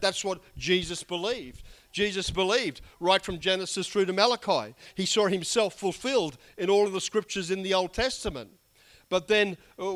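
A male pastor preaching a sermon, hoarse from losing his voice, in a conversational, emphatic way with chuckling asides. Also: high-pitched, a bit bright.

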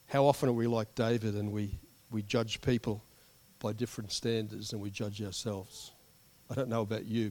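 A male pastor delivering a sermon in a conversational, animated storytelling manner with friendly asides. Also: medium pitch.

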